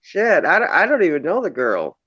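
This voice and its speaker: Man, incredulous swearing, casual chat, high lively voice, dull dry audio. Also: moderate pace, breathy edge.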